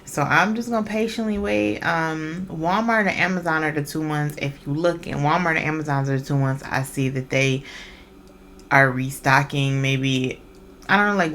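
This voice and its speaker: A woman's voice: deep voice, fairly bright tone, a little hiss or hum. A woman hosting a podcast, talking in a blunt, profane, casual monologue full of incredulous questions. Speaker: podcast host.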